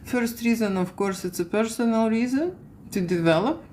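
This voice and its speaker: A woman's voice: a little high, normal speed, dark tone, slight background noise. A woman from Lithuania with a Lithuanian accent, a photographer chatting casually on a livestream and reading out comments, with many "okay?" and "you know" fillers.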